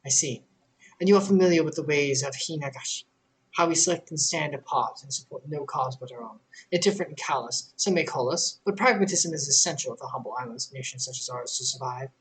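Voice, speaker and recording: A man voicing a calm, measured woman innkeeper in a video game, speaking formally and deliberately. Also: medium pitch, slight background noise, close to an everyday voice, rough recording. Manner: formal, deliberate, softly spoken.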